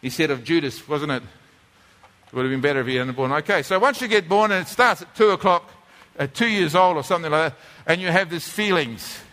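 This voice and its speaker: A man preaching a teaching sermon, his high voice carrying a long hall reverb. He talks conversationally and often doubles back to repeat or restart words. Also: lively intonation, fairly quick, pushed and bright. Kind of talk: teaching sermon with a drawing board.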